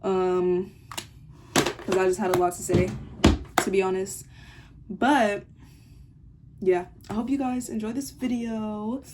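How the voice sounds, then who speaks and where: A woman's voice: mid-range voice, steady tone, slow, pauses often, background noise. A teenage girl telling a rambling, irritated story about a classmate in a casual video diary. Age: teens. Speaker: vlogger.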